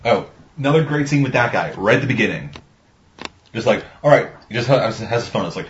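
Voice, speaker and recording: A man's voice: medium pitch, sing-song, very fast. A man chatting casually about a movie, rambling, swearing often and acting out lines from scenes. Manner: rambling, swears a lot, acts out quotes. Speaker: podcast co-host. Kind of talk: casual movie review chat. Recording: dull lo-fi sound.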